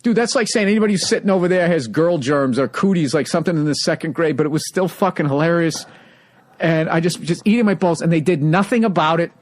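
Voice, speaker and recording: A man in casual conversation, telling animated, profane stand-up club stories. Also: a little high, fast talker. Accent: Boston. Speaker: comedian, podcast co-host. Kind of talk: casual chat, storytelling.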